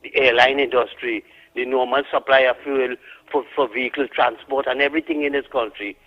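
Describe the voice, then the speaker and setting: A man's voice: mid-range voice, fairly even intonation, fairly quick. Heated Trinidadian man on a phone line. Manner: heated, indignant. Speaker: caller. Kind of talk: call-in radio rant.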